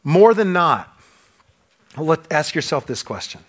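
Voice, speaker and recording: A man preaching a sermon to a church congregation, impassioned, asking rhetorical questions and swinging between loud emphasis and hushed drops. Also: fairly high pitch, big pitch swings, unhurried. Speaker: pastor.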